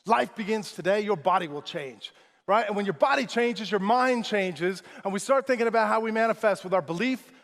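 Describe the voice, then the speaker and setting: Speaking quite quickly in a high voice, a male motivational speaker gives a forceful, high-energy keynote address. He's in a large conference room, and the recording carries the echo of the hall.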